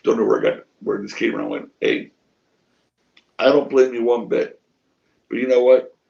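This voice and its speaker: A man's voice: medium pitch, normal speed, creaky, muffled recording. A middle-aged man telling stories in an interview, acting out what people said and swearing freely. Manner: animated storyteller acting out quotes, swears freely. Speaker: wrestling promoter interviewee. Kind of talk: shoot interview storytelling.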